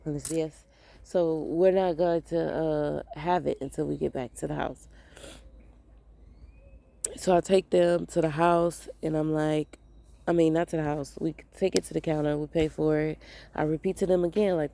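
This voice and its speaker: Gravelly low-voiced woman telling a story. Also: fairly even intonation, a little slow, warm tone. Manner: rambling, repeats phrases, quotes people in voices. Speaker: mother of young kids. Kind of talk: casual storytelling vlog.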